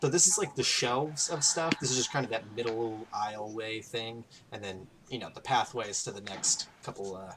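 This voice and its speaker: A man running a tabletop game as game master, narrating and explaining in a relaxed way with many fillers. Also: lowish voice, normal speed, hardly any pauses, background noise.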